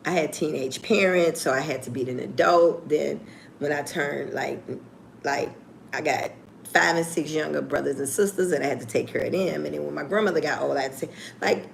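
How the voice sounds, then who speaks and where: A woman's voice: deep voice, expressive, moderate pace, vocal fry, slight background noise. A woman hosting a livestream, casually telling stories to her viewers in a blunt, profane, joking way. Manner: blunt, profane, laughing storyteller; talks straight to viewers. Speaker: livestream host. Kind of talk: casual storytelling chat.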